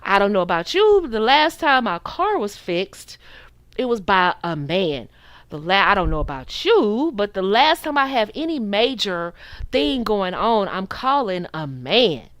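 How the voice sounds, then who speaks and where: A woman's voice: mid-range voice, unhurried, no room sound. An American woman in her forties, a channel host giving preachy, sassy dating advice to camera. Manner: animated, preachy, with sassy quoted voices. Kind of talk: opinionated commentary to camera.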